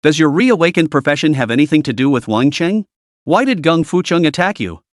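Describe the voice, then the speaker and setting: A man's voice: on the high side, lively intonation, a little fast, no room sound, clean studio sound, close to an everyday voice. A man voicing a cunning, relentless male interrogator who presses with rising questions. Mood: pressing.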